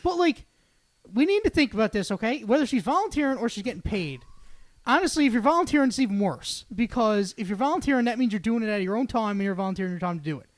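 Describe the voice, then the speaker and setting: A man on a casual podcast, telling a story in a profane, animated rant. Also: high voice, fast, no room sound. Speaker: podcast co-host.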